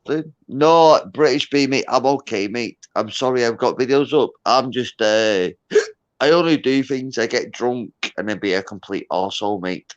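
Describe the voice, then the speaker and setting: A boisterous Scottish man, a little drunk and hiccuping, rambling through loud banter with friendly slang. His voice sits at a middle pitch. The sound is dull and lo-fi. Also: moderate pace. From Scotland. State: tipsy with hiccups. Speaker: livestream guest.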